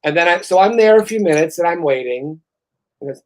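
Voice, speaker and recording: Woman, podcast host, comedic chat, profane, animated storytelling. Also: on the low side, fairly quick. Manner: profane, animated storyteller who gets worked up.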